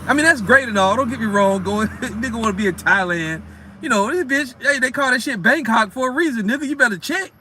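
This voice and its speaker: A man with a high, sharp, bright voice preaches in a loose, unscripted way. he reads scripture slowly, then swings into blunt, profane talk with street slang. the tone stays direct and plain-spoken throughout. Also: expressive, a little hiss or hum. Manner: reads verses aloud slowly between rants. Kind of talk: casual scripture teaching.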